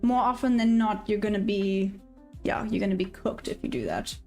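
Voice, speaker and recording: A woman's voice: medium pitch, steady tone, normal speed, darkish tone, faint music behind. A woman from Africa, chatting casually on a trading livestream, reading viewer comments aloud and laughing often. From South Africa. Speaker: day-trading livestream host.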